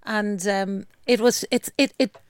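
A woman's voice: medium pitch, steady tone, a little slow, darkish tone, clean tone, dry recording, clean studio sound. A woman co-hosting a podcast, chatting casually and hesitantly. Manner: hesitant, with fillers and restarts. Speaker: podcast co-host. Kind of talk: casual chat.

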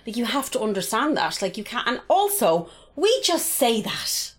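An Irish woman in her thirties co-hosting a casual podcast, animated and sweary, often acting out what people said. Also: a little high, moderate pace. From Ireland. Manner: animated, sweary, acts out voices. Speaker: podcast co-host. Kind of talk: casual chat.

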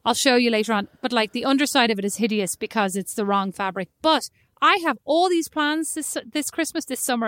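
A woman in her thirties, from Ireland, co-hosting a podcast and chatting casually, telling animated stories. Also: on the high side, a little fast, few pauses, no room sound, studio quality. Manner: animated storytelling, acts out her child's lines. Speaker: podcast co-host. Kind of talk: casual chat.

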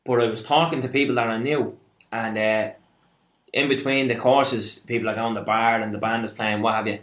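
A man's voice: medium pitch, steady tone, fairly quick, fairly bright tone. A young man with a Dublin accent telling a story in casual chat, swearing a lot and acting out what people said to him. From Ireland. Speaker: podcast co-host. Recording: roomy, echoey room.

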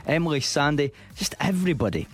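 A man's voice: a little high, very animated, fast. Playful male radio host. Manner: playful, teasing questions. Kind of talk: casual radio interview. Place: radio studio.

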